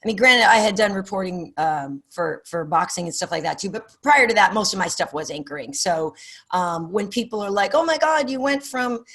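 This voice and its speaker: A middle-aged woman, a sports TV host, chatting as a podcast guest and telling animated stories with many fillers and restarts. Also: lowish voice, brisk, breathy edge. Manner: animated storyteller, many fillers and self-corrections. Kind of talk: casual interview chat.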